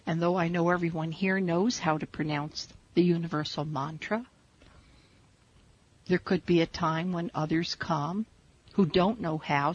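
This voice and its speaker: A woman teaching a spiritual meditation, guiding listeners in slow, measured, soothing instructions. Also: lowish voice, slightly rough. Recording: dull lo-fi recording.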